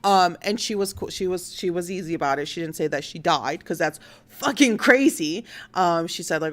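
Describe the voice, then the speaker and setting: With a lowish voice at normal speed, this young woman runs a laid-back online news show, animatedly recounting a story, performing the quotes and swearing freely.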